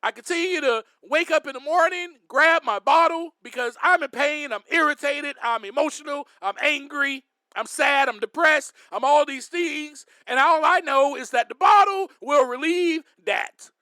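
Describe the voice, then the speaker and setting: A man hosting a faith podcast, speaking to his listeners as friends in an emphatic, preacher-like way, with sudden loud bursts. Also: extremely high pitch, moderate pace, no room sound, studio quality. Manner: addresses listeners directly as friends. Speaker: podcast host. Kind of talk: faith-based podcast monologue.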